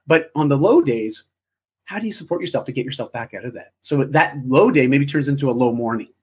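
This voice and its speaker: A man's voice: mid-range voice, expressive, fairly quick, darkish tone, slightly rough. A man being interviewed, speaking in a reflective, encouraging way with frequent restarts. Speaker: interview guest. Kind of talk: casual interview chat.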